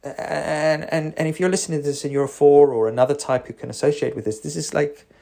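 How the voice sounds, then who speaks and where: A man's voice: fairly high pitch, fairly even intonation, fairly quick, creaky, warm tone. A man, a psychotherapist talking in a rambling, wry voice-note monologue. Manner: rambling, self-interrupting, wry.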